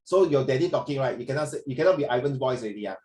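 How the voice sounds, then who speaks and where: A man's voice: mid-range voice, lively intonation, racing, a little mellow, low-quality recording. A man teaching an online lesson over a video call, playful and teasing as he corrects a student and calls him "my dear".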